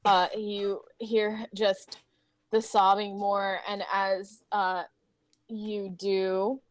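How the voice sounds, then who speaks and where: A woman narrating as game master of a tabletop game, hesitant and halting, with many fillers. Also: mid-range voice, little pitch movement, no echo.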